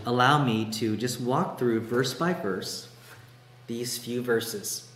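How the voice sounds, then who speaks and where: Earnest man preaching in an echoey room. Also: medium pitch. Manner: earnest, conversational, repeats key lines. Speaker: pastor. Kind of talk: sermon.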